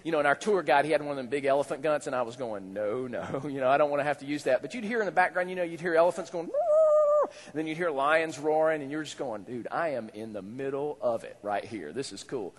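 A male pastor preaching a sermon in a conversational, animated way, with rising exclamations. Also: fairly high pitch, fast talker, hardly any pauses. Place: church hall. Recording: echoey church hall.

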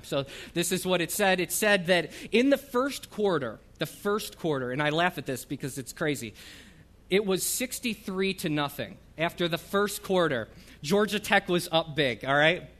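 A man's voice: fairly high pitch, fairly bright tone. A middle-aged man from the northern United States, a missionary, giving an informal church talk in a chatty, self-deprecating way with many ums and uhs. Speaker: ministry coordinator and missionary.

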